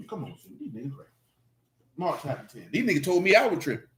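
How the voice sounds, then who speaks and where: A man teaching scripture in a casual stream, joking and swearing in street slang, with sudden animated outbursts. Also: a little high, a little fast, slight background noise. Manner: animated preaching with rising outbursts. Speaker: Bible teacher.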